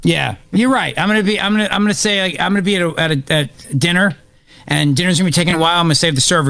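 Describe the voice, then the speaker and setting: High-voiced man hosting radio banter. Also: very fast, gravelly, no echo. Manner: animated, jokey, laughs often. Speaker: radio talk show host.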